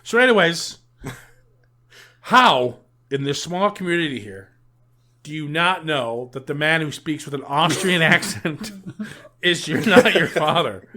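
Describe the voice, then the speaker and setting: A young American man on a podcast, loud and boisterous, retelling a film with swearing and mock exasperation. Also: a little high, lively intonation, measured pace. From United States. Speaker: podcast co-host. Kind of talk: casual podcast chat.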